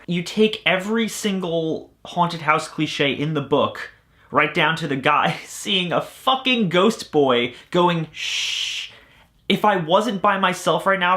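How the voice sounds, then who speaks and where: A man's voice: mid-range voice, pushed and bright. A man giving a blunt, exasperated spoken movie review as host, swearing often. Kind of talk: profane ranting review. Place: alone at home.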